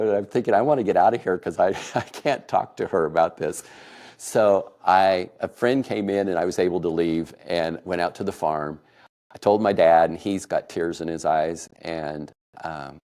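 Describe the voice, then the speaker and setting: A middle-aged man from Kansas telling a personal family story, emotional and laughing softly now and then. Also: deep voice. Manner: warm, emotional retelling with soft laughs. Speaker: podcast storyteller.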